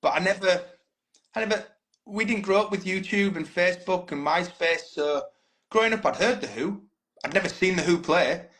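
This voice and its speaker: On a poor recording, a man with a high, fairly bright voice talks at a moderate pace. He fronts a band and, as a podcast guest, chats openly through stories, cursing liberally and calling people "mate" often.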